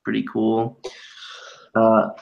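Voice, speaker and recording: A man's voice: fairly low pitch, completely flat delivery, slow pace, creaky, phone-quality sound. A man chatting casually on a live stream, joking and swearing as he shows off old items. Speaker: co-host showing items.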